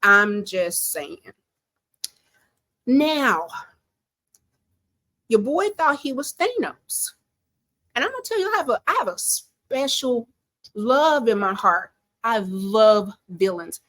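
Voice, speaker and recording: A woman giving casual commentary from home, chatty, animated and opinionated. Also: fairly high pitch, takes it slowly, long pauses, dry recording. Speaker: pop-culture commentator.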